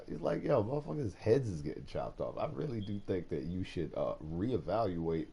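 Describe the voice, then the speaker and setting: A man streaming, chatting casually about a movie in an animated, profane way, going from quiet to loud and laughing often. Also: deep voice, normal speed, creaky, few pauses, slightly rough, muffled recording. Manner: laughs often while talking. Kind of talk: casual chat.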